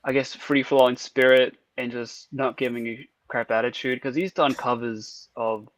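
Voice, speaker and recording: A man's voice: mid-range voice, fairly even intonation, normal speed, dry recording. A man with an Australian accent talks about music with real enthusiasm. His sentences are full of fillers and restarts. The recording is dry and close, with a mid-range voice. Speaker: musician guest. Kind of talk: casual chat.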